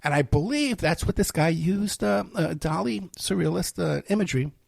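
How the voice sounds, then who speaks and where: A man hosts his own show and rambles through a sarcastic, self-mocking rant. His voice is gravelly and husky, sitting a little high for a man. The sound is close and dry. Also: expressive, moderate pace, no echo. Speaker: host. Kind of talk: casual ranting monologue.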